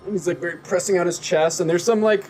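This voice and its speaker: A man's voice: sits high, fairly even intonation, fast talker, a little mellow, soft background music. Rambling male game master. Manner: rambling, self-correcting narration. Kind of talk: narrating a tabletop game.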